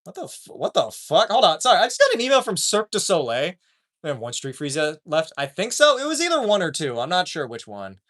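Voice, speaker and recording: A man's voice: high-pitched, quick pace. A man chatting casually with his live-stream audience, joking and swearing often. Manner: profane, animated, joking.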